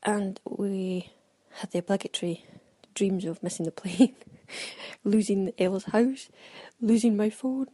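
A Scottish woman keeps a travel audio diary, chatting casually, laughing often and breaking into quoted exclamations as she acts out little exchanges. Her medium-pitched voice is warm and unhurried with fairly even intonation, on a low-quality recording.

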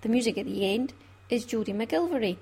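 A woman's voice: fairly high pitch, lively intonation, brisk, gravelly, dark tone, husky. A Scottish woman hosting a craft podcast in a chatty, laughing way. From Scotland. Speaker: podcast host. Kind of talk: casual chat.

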